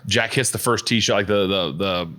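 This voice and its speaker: The man's voice is fairly low, bright and forceful, at a normal speed. As a podcast co-host he rambles through casual chat packed with fillers and restarts.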